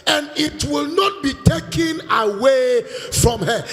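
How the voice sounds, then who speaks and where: A Nigerian man preaching a sermon in a church hall, leading call-and-response and breaking into shouts. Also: very high voice, animated, slow pace. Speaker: pastor. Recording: reverberant church hall, faint music.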